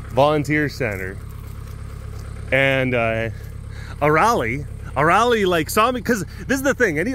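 A man vlogs from a big cat sanctuary outside, casually spinning a meandering tale full of laughs and sound effects. He has a fairly high-pitched, fairly bright voice, and there's slight hiss or hum.

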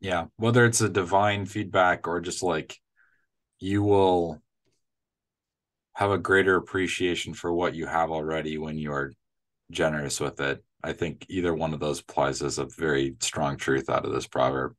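Midwestern male co-host, deep voice, thoughtful and unhurried in chat. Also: fairly even intonation. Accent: Midwestern American. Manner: thoughtful, hedging with fillers. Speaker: church podcast co-host. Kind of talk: casual chat.

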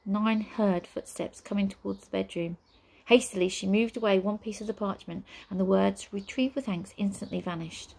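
A woman reading a children's storybook aloud in a steady, measured way. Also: medium pitch, creaky, husky, low-quality recording. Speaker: audiobook reader. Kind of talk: storybook narration.

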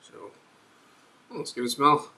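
A man's voice: normal speed, bright, forceful tone. A man hosting a casual beer review vlog, thinking aloud and rambling as he reads the label.

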